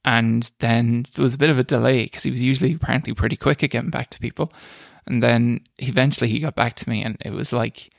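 Gravelly man telling stories. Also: medium pitch, steady tone, fast, few pauses, no echo, clean studio sound. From Ireland. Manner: self-deprecating, laughs while telling stories, frequent restarts. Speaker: screenwriter guest. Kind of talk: casual storytelling interview.

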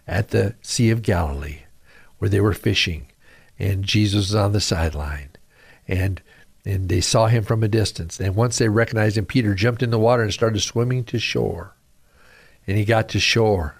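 A man's voice: on the low side, moderate pace, vocal fry, dry recording. A middle-aged man hosting a radio devotional, speaking earnestly, praying and reading scripture with rising emphasis. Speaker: radio pastor and host.

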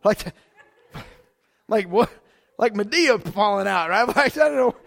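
A man's voice: high voice, animated, slow, vocal fry, fairly bright tone. A man preaching a sermon as pastor, talking in a loose, conversational way with frequent repeats and fillers like "man" and "like.".

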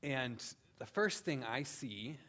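A man's voice: mid-range voice, lively intonation, fairly bright tone. Earnest man preaching a sermon. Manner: earnest, with slow emphatic pauses and frequent "um". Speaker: pastor.

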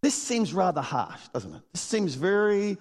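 Animated man preaching in a hall. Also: high-pitched, a little slow. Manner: animated, acts out voices in quotes, laughs often. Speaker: pastor. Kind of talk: sermon. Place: church hall. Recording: long hall reverb.

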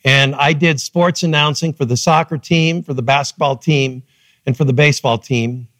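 A middle-aged man preaching a sermon as pastor, telling his story with lively, acted-out quotes. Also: medium pitch, normal speed, no echo. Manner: animated storytelling, acting out quotes. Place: church.

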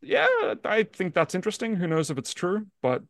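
Gravelly podcast man, dead-dry recording, loose casual talk. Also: high voice, expressive, a little fast, a bit bright, no echo. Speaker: podcast co-host. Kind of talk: casual chat.

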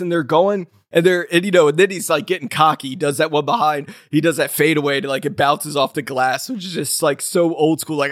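Brisk and with few pauses, a high-ish male voice retells a movie's scenes with energy during a casual podcast film chat, acting out the lines he quotes. The studio-quality recording has no echo.

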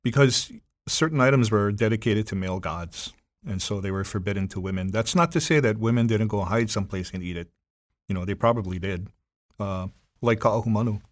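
Hawaiian guest in his fifties, lowish voice, animated storyteller who slips into voices. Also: a little fast, no echo, clean studio sound. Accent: Hawaiian Pidgin-tinged. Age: 50s. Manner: animated, acts out voices in stories. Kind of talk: casual storytelling.

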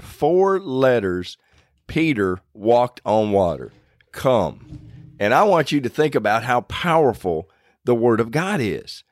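A man's voice: medium pitch, no room sound, clean studio sound. A man hosting a casual devotional talk in a folksy, self-deprecating way, rambling a little and restarting sentences. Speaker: faith podcast host.

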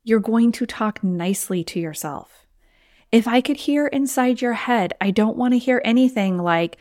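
A woman's voice: on the high side, lively intonation, moderate pace, a little mellow, no echo, clean studio sound. A woman hosting a solo podcast as a weight loss coach, talking in an encouraging, conversational way and sometimes acting out inner voices.

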